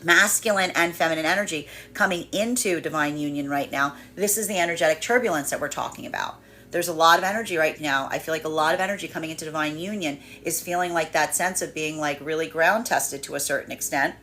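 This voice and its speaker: A woman's voice: sits low, quick pace, a little hiss or hum. A woman giving a daily tarot energy reading in a rambling, self-correcting way, often restarting her sentences. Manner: rambling, self-correcting, animated when voicing others. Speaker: tarot reader.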